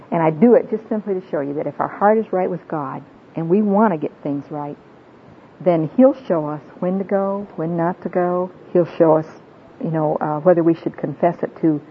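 Woman speaker, heartfelt sermon with stories, slightly low voice, lo-fi phone-like recording. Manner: earnest, tearful storyteller. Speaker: Christian women's speaker. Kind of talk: sermon-like talk with personal stories. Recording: tinny phone-like sound with faint rumble.

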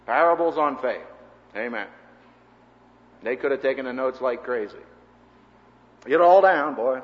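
A man teaching a seminary class in a sermon-style lecture, an animated storyteller who acts out the people he quotes. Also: a little high, big-room sound, dull audio.

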